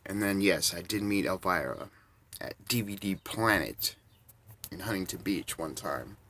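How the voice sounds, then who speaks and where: A man's voice: low-pitched, expressive, unhurried, noisy background. A man in his forties telling rambling, casual anecdotes and chuckling between bits. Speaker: storyteller.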